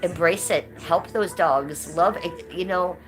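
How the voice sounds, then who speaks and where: A woman's voice: fairly low pitch, unhurried, over music, rough recording. A woman livestreaming from home in casual chat, blunt and combative, swearing freely. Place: indoors at home, high-ceilinged room.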